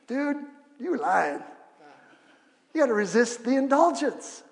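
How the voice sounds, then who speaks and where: A male pastor preaching a sermon in a church, energetic and humorous, leading the congregation in call-and-response. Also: very high voice, slow pace, creaky, long pauses. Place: church sanctuary. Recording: long reverb of a church hall.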